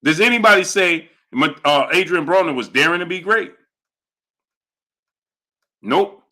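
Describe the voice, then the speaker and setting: A young man hosts a live boxing stream, talking emphatically and repeating lines for effect. His voice sits a little high and sounds bright and forceful. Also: expressive, a little slow. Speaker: boxing livestream host. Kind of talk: live stream chat, reading Super Chats.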